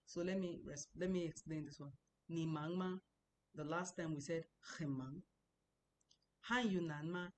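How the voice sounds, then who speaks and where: A woman's voice: deep voice, unhurried, long pauses, slight background noise. A woman teaching an online language class, patiently repeating words and tones many times over, explaining as she goes. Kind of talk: online lesson. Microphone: computer mic, speaking to a screen.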